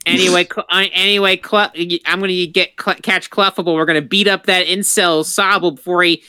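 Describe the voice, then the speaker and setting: Co-host, male, bright and smooth, deadpan jokester. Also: sits high, brisk, no room sound. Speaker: podcast co-host. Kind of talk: casual podcast chat.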